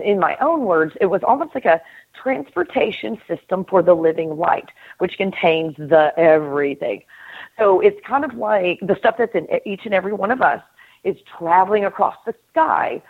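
A middle-aged woman hosting a casual spiritual conversation, earnest and animated, laughing often and acting out inner voices. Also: on the low side, husky. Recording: tinny phone-line call audio.

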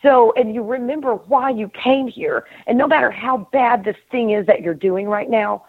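A middle-aged woman hosting a casual spiritual conversation, earnest and animated, laughing often and acting out inner voices. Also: a little high, normal speed. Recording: tinny phone-line call audio.

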